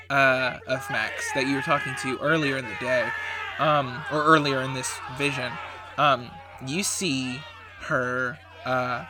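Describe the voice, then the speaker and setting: A man serving as game master, narrating a tabletop role-playing scene in a halting way, with many ums and likes. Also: a little high, bright, forceful tone. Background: background music.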